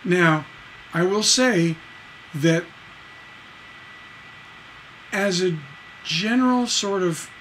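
A man's voice: high voice, takes it slowly, a bit bright, a little hiss or hum, low-quality recording. A man teaching songwriting on a livestream, reading lyrics and counting beats aloud, with many fillers and restarts. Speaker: songwriting instructor.

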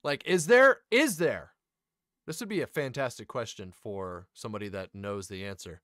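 A man talks his way through a reaction video, tossing out quick exclamations and asides to himself. His voice swings up and down freely, and the sound is close and dry, with no room around it. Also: mid-range voice, animated, fairly bright tone, dry recording. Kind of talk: casual reaction commentary.

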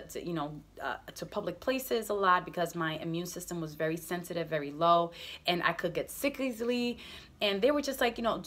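A woman's voice: on the low side, a bit bright. A young adult woman telling her personal faith testimony in an earnest, conversational way, with many casual fillers. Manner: earnest, conversational, frequent "like" and "you know". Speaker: testimony speaker.

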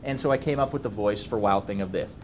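Deep-voiced guy teaching puppet voices, casual, lots of ums. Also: quick pace, a little mellow, a little hiss or hum. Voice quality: deep bass voice. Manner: casual, demonstrating, many ums. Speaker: puppetry trainer. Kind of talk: instructional talk.

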